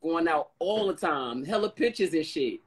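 A woman hosting a casual chat, telling stories in an animated, slangy way. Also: low-pitched, moderate pace, breathy edge, low-quality recording.

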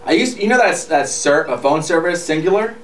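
A woman's voice: lowish voice, lively intonation, brisk. A woman co-host in casual chat, joking around and narrating what happens in the room. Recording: roomy distant mic, loud noise.

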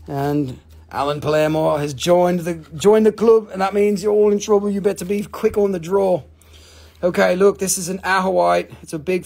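A high-voiced man runs a laid-back live crystal sale, his speech carrying both Australian and Northern English accents. He rambles eagerly and swears freely as he goes.

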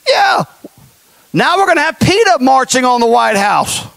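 A man's voice: very high-pitched, big pitch swings, a little fast, creaky, fairly bright tone, dry recording. A male pastor preaching a sermon, impassioned and folksy, with mocking asides.

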